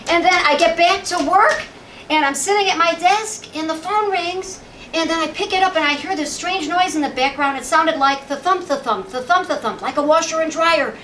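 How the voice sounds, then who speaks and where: A woman comic from Chicago, chatting her way through dating stories in a high, bright-sounding voice. The sound is roomy and distant, as if caught from across a lounge, with a faint hum behind her. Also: moderate pace. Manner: chatty, storytelling, acting out punchlines. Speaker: stand-up comedian. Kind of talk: stand-up comedy set. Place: lounge stage with live audience. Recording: echoey lounge, mic at a distance.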